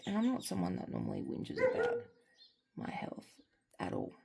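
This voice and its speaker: An Australian woman chatting candidly at home while crafting, rambling and sometimes sinking to a soft near-whisper. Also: medium pitch, huge pitch swings, moderate pace, gravelly, noisy background. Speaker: crafting vlogger. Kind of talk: casual chat while crafting.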